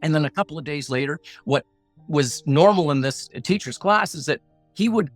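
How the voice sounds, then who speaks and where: As a guest on a podcast, a middle-aged man who coaches negotiation shares a personal story in a fairly high, lively voice at normal speed. He's plain-spoken and blunt, earnest and punchy like a motivational speaker, dramatizing his inner voices. There's no echo, only faint music behind him.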